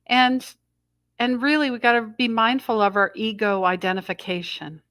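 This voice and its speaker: A woman's voice: on the high side, fairly even intonation, moderate pace, fairly bright tone, dry recording. Middle-aged woman host, spiritual live talk, rambling and self-interrupting, dry close sound. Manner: rambling, self-interrupting, channels messages she hears. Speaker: intuitive astrology host. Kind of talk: live spiritual energy update.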